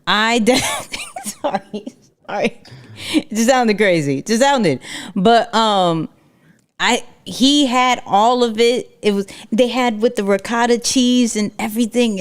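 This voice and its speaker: A young adult woman co-hosting a live show, chatting in a bubbly way with quick asides. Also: a little high, big pitch swings. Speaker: podcast co-host. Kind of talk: casual live show chat.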